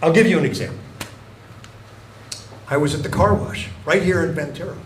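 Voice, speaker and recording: An older man doing stand-up comedy in a mock-innocent, deadpan storytelling manner on a club stage with a handheld mic. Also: a little high, a little fast. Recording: echoey club with audience noise.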